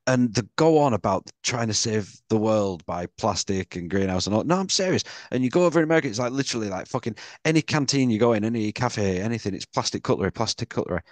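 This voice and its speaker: A British man co-hosting a podcast, chatting casually and telling animated stories full of swearing. His voice sits low and sounds close and dry. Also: fast talker, hardly any pauses, no room sound. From Britain. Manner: swears a lot, animated storyteller. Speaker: podcast co-host. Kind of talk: casual chat.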